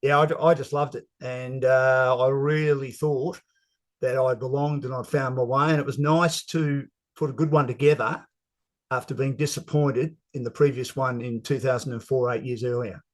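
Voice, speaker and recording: A middle-aged Australian man with a sports broadcaster's voice, recounting stories in an interview. He is animated and chatty, with the odd "uh" and "um", in a mid-range pitch. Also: moderate pace. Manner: animated storyteller, casual filler words. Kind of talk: storytelling interview.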